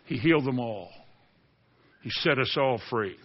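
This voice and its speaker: A man preaching a sermon, reading scripture aloud and urging his congregation with passion, rising to near-shouting and dropping low. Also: expressive, measured pace, husky, lo-fi sound.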